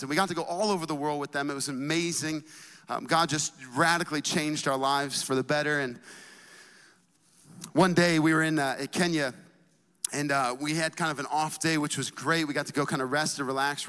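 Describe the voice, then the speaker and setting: A young male pastor preaches to his congregation with lively, chatty energy and casual asides. His voice sits a little high for a man and carries a long hall reverb. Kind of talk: sermon.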